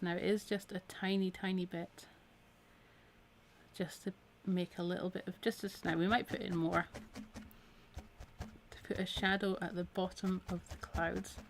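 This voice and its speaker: A woman's voice: fairly low pitch, vocal fry. A Scottish woman giving a live needle felting tutorial in a chatty, encouraging way, her voice a little tired from a week of talking. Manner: chatty, encouraging, talks while working. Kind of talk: live-streamed craft tutorial.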